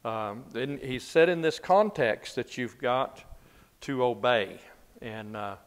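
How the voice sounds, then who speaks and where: A man teaching a Bible class in a relaxed, conversational way, asking his listeners questions as he goes. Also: medium pitch, takes it slowly, clean tone. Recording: long reverb of a large room.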